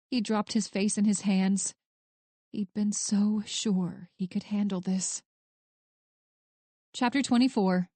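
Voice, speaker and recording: A woman narrating a romance audiobook in an even, measured storytelling voice. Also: medium pitch, no room sound.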